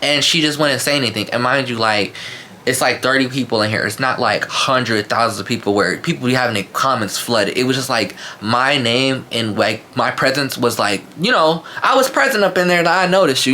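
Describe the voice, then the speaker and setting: Guy spilling a storytime to his viewers, lots of "like" and slang, kinda sharp bright tone. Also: medium pitch, brisk, slight background noise. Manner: animated, slangy, full of fillers and asides to viewers. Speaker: YouTuber telling a story. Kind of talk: casual storytime vlog.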